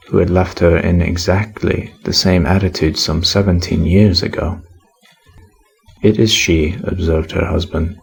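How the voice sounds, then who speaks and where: Deep, husky male audiobook narrator. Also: darkish tone, rough recording.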